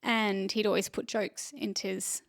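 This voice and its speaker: Speaking slowly with vocal fry, this woman, a comedian and actor guesting on a podcast, tells a meandering story packed with fillers and false starts. Her medium-pitched voice stays level, and the studio sound is clean and echo-free.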